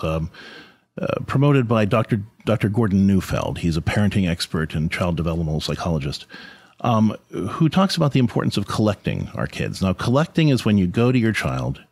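Earnest man talking parenting, lively pitch. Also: moderate pace, no room sound. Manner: earnest, conversational, many restarts and asides. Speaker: podcast host and parenting speaker. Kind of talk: reflective talk on faith and parenting.

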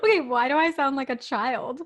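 A podcast co-host in her twenties chats casually in a high, fairly quick voice, coming across as giggly and earnest.

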